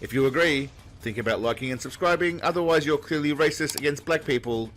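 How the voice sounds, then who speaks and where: A man doing a deadpan, sarcastic comedy voice-over that mocks the footage. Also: a little high, brisk, noisy background. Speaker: comedy narrator. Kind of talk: mocking commentary voice-over.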